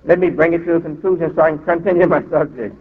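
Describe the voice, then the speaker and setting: Man, imam, sermon, emphatic drawn-out delivery, phone-like tinny sound, long hall reverb. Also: fairly high pitch, slight background noise. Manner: emphatic, drawn-out preaching with asides.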